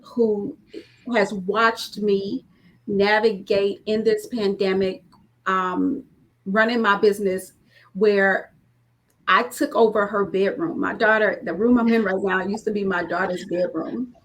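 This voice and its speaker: A woman's voice: mid-range voice, a bit bright. 30s woman business owner on a video call from her home studio, earnest, rambly, lots of ums. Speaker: small business owner guest. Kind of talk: casual panel conversation. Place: home studio, former bedroom.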